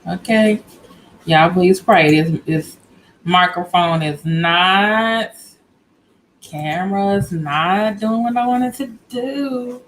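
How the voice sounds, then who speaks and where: A woman's voice: mid-range voice, takes it slowly, slight background noise, poor audio. A woman hosting a casual livestream from home, chatty and greeting viewers by name as they join. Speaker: livestream host.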